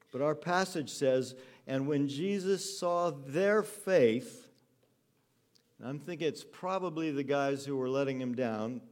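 Earnest male preacher telling a story. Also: a little high. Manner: earnest, storytelling delivery, soft and tender at times. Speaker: pastor. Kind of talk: sermon. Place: church hall with a congregation.

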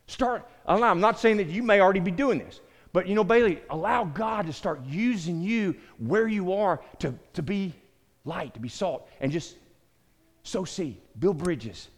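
A man's voice: high-pitched, a bit bright. A middle-aged man from the American South giving a conversational sermon to a small group, repeating words and calling on listeners by name. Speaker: pastor. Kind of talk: sermon-style teaching. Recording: long hall reverb.

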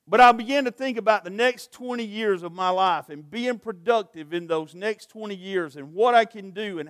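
A middle-aged male pastor delivers a sermon with a high, smooth, resonant voice. He reads scripture aloud and presses his points with rising urgency. The sound is dry and close. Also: a bit bright, no echo. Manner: preaching with rising intensity, scripture readings, light jokes.

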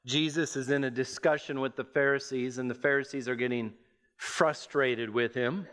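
A man preaching a sermon, reading scripture and explaining it with measured emphasis. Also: fairly even intonation, fairly bright tone. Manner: measured, emphatic preaching that rises in pitch as it builds.

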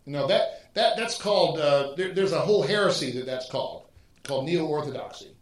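A man, a pastor, giving a teaching sermon and thinking aloud with restarts and animated emphasis. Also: fairly high pitch, a little fast. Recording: roomy echo.

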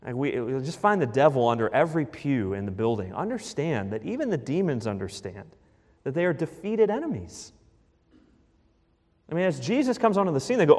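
A male pastor preaches a sermon in a fairly high voice, emphatic and punchy. He is in a church, and the hall gives his voice a long reverb. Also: very animated, normal speed, darkish tone.

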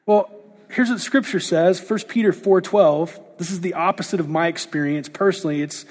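A man preaching a sermon as a pastor, animated, often acting out the quoted voices of others. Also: high-pitched, brisk, big-room sound.

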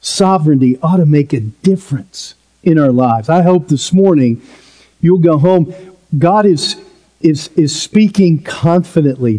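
Slow, mellow-voiced male preacher. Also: fairly high pitch, expressive. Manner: earnest, emphatic preaching with playful asides. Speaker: pastor. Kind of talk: sermon.

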